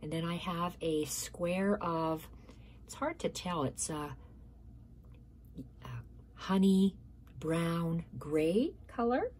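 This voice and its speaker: A woman's voice: fairly low pitch, animated, slow, long pauses, a little mellow, slight background noise. A woman hosting a casual stitching tutorial, explaining step by step, repeating measurements and correcting herself, sometimes dropping to a near-whisper.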